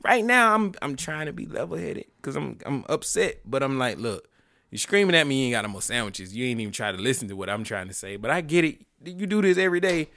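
Animated bright-voiced man telling a story. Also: mid-range voice, fast talker, gravelly, no echo, studio quality. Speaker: podcast co-host. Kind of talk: casual chat.

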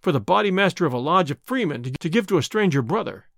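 A man voicing a cool, cocky young outlaw who answers calmly, quickly and slyly in an audiobook. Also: on the high side, creaky, dry recording, clean studio sound. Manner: calm, quick, sly answers.

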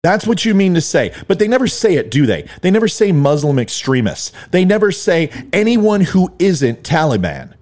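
Middle-aged guy ranting politics, sarcastic, voice swings all over, kinda high. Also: very animated, normal speed, hardly any pauses, darkish tone. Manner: sarcastic, heated, mocking. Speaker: political commentary host.

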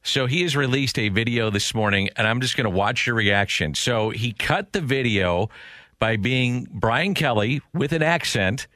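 A man's voice: mid-range voice, moderate pace, bright, forceful tone, no echo, studio quality. A man hosting a sports radio show, chatting in a rambling, conversational way. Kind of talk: casual sports talk.

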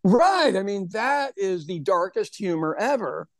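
A man's voice: high-pitched, big pitch swings, a little slow, no room sound. A man co-hosting a podcast in casual chat, rambling and repeating words, laughing often. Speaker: podcast co-host.

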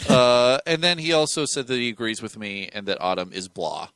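A man co-hosting a podcast in casual chat, animated and rambling with fillers and laughs. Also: medium pitch, a little fast, smooth, dry recording. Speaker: podcast co-host.

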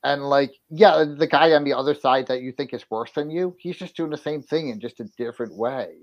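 A man's voice: medium pitch, fairly quick. Hesitant man on a dull, lo-fi line. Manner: hesitant, filler-heavy musing. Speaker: podcast guest. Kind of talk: casual podcast chat.

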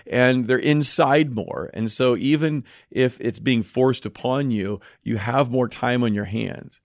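A man's voice: medium pitch, measured pace, no echo, studio quality. A middle-aged pastor co-hosting a podcast, talking earnestly to listeners and asking them questions as he teaches. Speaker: pastor co-host. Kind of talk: podcast sermon-style talk.

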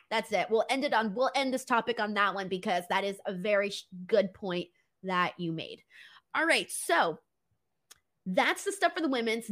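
Female host for a casual wrestling live stream: animated, quick to laugh, slightly high-pitched.

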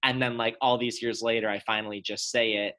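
Bright-voiced young man chatting. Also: mid-range voice, brisk. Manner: relaxed, chatty, peppered with "like". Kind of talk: casual chat among friends.

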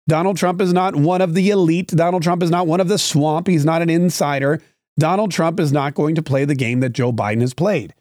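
A man's voice: a little high, a little mellow, no echo, clean studio sound. A man hosting a political commentary show, delivering an opinionated monologue emphatically, with a lot of repetition.

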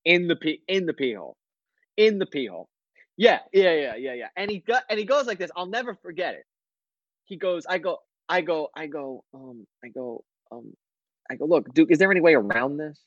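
A man's voice: a little high, very animated, moderate pace, fairly bright tone, no room sound, highs cut off. A man, a comedian and podcast co-host, telling a story in casual chat, acting out both sides and laughing often.

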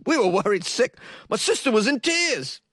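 A man's voice: big pitch swings, moderate pace, a bit bright, no room sound, studio quality, heavily acted. A man voicing an exasperated working-class English son, in a put-on English accent, indignant and raised. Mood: distraught. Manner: raised, indignant, rising pitch.

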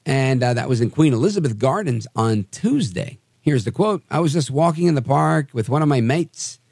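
A man hosting a podcast, telling odd news stories with wry, animated asides. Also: mid-range voice, moderate pace, creaky, no room sound, clean studio sound. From New Jersey area. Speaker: podcast host. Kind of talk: casual news commentary.

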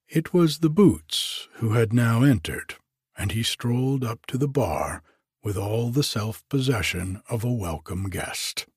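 Slow, expressive male storyteller. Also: medium pitch, slightly rough, no room sound, studio quality. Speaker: narrator. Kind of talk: audiobook reading of a novel.

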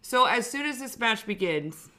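A woman's voice: on the high side, lively intonation, moderate pace, a loud crowd. A young adult woman co-hosting a podcast, recapping wrestling in casual chat with emphatic, exasperated ranting. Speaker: podcast co-host.

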